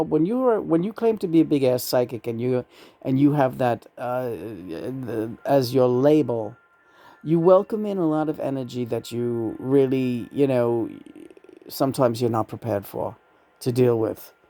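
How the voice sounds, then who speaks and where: A man's voice: medium pitch, expressive, normal speed, gravelly, warm tone. A man talking in a loose, rambling way during a spirit channeling session from an apartment, cursing casually and dropping names.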